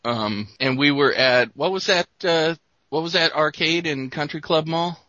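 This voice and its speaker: A man's voice: a little high, normal speed, bright, forceful tone, no echo, highs cut off. A man co-hosting a casual podcast, telling rambling, enthusiastic stories. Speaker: podcast co-host. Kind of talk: casual chat.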